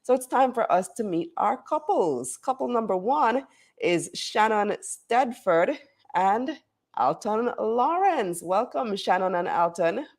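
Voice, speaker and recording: A woman's voice: mid-range voice, animated, takes it slowly. A woman hosting a live finance TV show, chatty and upbeat as she talks straight to the viewers. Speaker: show host and financial journalist.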